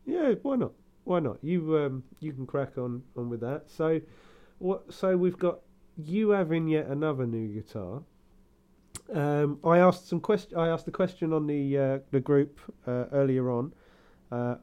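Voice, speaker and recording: A man's voice: on the high side, lively intonation, unhurried, dark tone, clean tone. A man co-hosting a podcast in casual chat, rambling, laughing often and now and then slipping into camp put-on voices. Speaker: podcast co-host.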